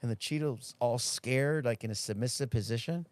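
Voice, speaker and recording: A man's voice: mid-range voice, a little fast, dry recording. Union guy who loves metaphors, storytelling, dry close sound. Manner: animated storyteller, fond of metaphors. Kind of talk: storytelling in podcast conversation.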